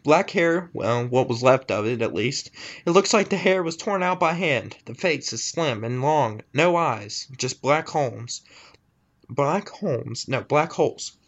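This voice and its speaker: Giggly casual reader, stumbling over words, very animated pitch, dull lo-fi recording. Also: measured pace. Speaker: reader of scary stories. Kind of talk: casual reading aloud with friends.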